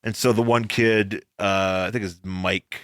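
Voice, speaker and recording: A man co-hosting a casual comic book podcast, joking and laughing often with quick asides. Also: on the low side, steady tone, smooth, no echo, clean studio sound. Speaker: podcast co-host.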